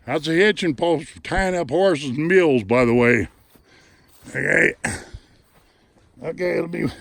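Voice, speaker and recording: A middle-aged man vlogs a mountain hike, talking casually in a plain, folksy way while somewhat out of breath. His slightly high voice is gravelly, and the handheld camera mic recording has no room sound.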